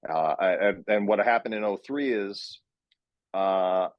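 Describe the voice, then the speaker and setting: Low-voiced man telling long anecdotes. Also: a little slow, no room sound, dull audio. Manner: rambling anecdotal storytelling. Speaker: guest, actor and session director. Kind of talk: casual chat.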